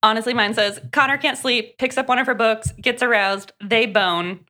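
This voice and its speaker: A woman's voice: a little high, moderate pace. A young adult woman co-hosting a podcast, reviewing a book in casual chat and acting out lines from the story. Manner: animated, acts out lines from stories. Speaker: podcast co-host.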